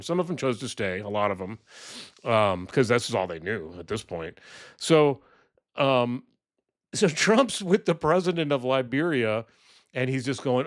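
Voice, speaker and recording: A man's voice: mid-range voice, lively intonation, normal speed, a bit bright. A man ranting through political commentary on his vlog, mocking and exasperated, swearing and stumbling over frequent ums and restarts.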